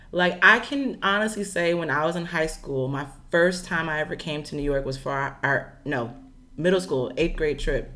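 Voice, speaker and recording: A young woman from Chicago co-hosting a casual podcast chat, chatty and quick to laugh as she tells stories. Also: on the low side, fairly bright tone. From Chicago, USA. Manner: chatty, laughs often, storytelling.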